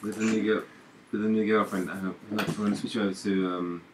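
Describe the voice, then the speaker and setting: A man's voice: on the low side, little pitch movement, fairly quick, slight background noise, poor audio. A man hosting a live stream, chatting casually with playful banter and swearing. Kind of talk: casual chat.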